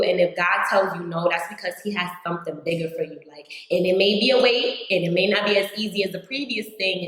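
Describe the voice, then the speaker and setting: A young New Yorker vlogs a casual life update, chatty and saying "like" constantly while acting out things she said before. Her voice is fairly low-pitched with a fairly bright tone. The room she records in is very echoey.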